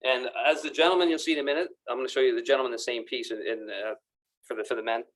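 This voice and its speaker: A man's voice: mid-range voice, fairly even intonation, very fast, fairly bright tone. A man presenting golf apparel on camera in a pro shop, enthusiastic and chatty, often repeating his words as he goes. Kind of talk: casual product demonstration to camera. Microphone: camera mic, moves around the room.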